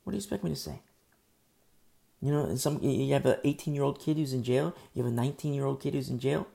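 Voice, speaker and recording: Gravelly, blunt preaching man. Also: mid-range voice, fast, warm tone. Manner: blunt, emphatic preaching with asides and mock quotes. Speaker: pastor. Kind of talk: sermon.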